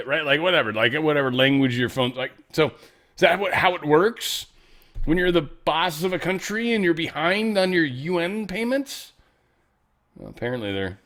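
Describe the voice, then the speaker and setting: Brief: male commentary host, casual and profane, rambling asides, average pitch. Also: a bit bright. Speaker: show host.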